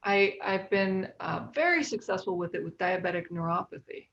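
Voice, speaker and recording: A woman's voice: mid-range voice, expressive, normal speed, gravelly, a bit bright, highs cut off. A woman doctor, a guest on an interview, talking casually and often agreeing with short replies. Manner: agreeable, frequent short affirmations. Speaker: functional medicine doctor, guest.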